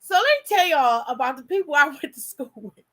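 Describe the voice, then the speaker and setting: A young woman hosting, telling a story in a blunt, profane and animated way. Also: sits high, fairly quick. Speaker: host. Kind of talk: casual storytelling.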